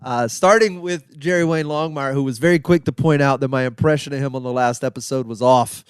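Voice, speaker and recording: A man with a smooth, resonant voice at a middle pitch talks in a loose, joking way, drifting from point to point as a comedian hosting his show. The sound is dry and close, with no room echo. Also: fairly quick. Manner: rambling, joking, self-deprecating. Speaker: comedian and podcast host. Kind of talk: casual solo podcast monologue.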